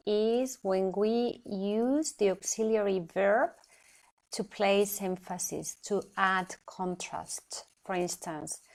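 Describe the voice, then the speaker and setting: A woman teaching an English grammar lesson in a measured, explanatory way, often checking in with "okay?". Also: mid-range voice. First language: Spanish. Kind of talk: recorded lesson presentation.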